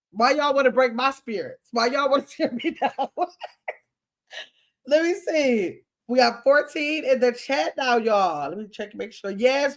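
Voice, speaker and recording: Chatty older woman reading live comments. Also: fairly high pitch. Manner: chatty, playful, reads viewer comments aloud. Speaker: livestream host. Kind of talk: casual livestream chat reading comments.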